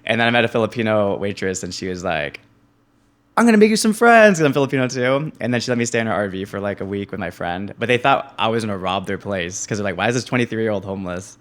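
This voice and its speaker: A young man in his twenties, a podcast guest, telling his story in a casual, animated way, laughing often and acting out other people's lines. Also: fairly low pitch, fast talker, few pauses. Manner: animated, laughs often, acts out quoted voices.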